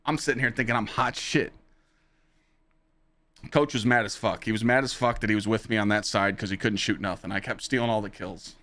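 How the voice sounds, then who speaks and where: A man hosting his own podcast, telling stories casually to a live chat in an animated, profane way, his pitch jumping high when he relives exciting moments. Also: fairly quick. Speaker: podcast host and streamer.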